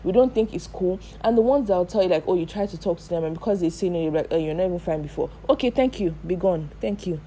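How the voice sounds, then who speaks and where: A young woman with a Nigerian accent talks straight to her audience in a casual vlog, stressing her points by repeating them. Her voice sits a little low and has a mellow, soft tone. A faint hum of room noise stays under her speech. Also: very fast, few pauses, low-quality recording. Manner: animated, emphatic, repeats for stress. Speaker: vlogger. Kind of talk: casual storytelling to camera.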